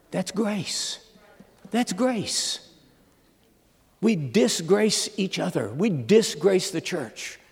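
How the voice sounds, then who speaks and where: A man in his seventies preaching a humorous sermon as a guest speaker, telling stories with comic timing and shouting at the big moments. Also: mid-range voice. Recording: long reverb of a large hall.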